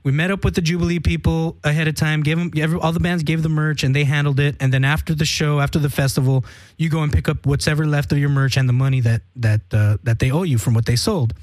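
A man's voice: on the high side, steady tone, fast, no echo. A young man casually telling a rambling, profane story, laughing and acting out what people said. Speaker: band member telling a story on a podcast.

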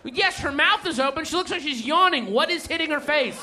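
A male comedian playing a furious, fussy magazine editor who berates his staff with loud profanity. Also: very high voice, expressive, brisk, pitched above the performer's own voice, exaggerated voice. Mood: berating.

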